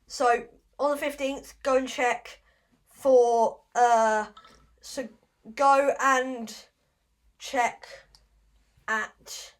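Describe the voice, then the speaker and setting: Slow, rambling woman podcaster. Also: high voice, steady tone. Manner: rambling, fumbling, self-deprecating. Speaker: podcast host. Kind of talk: casual podcast chat.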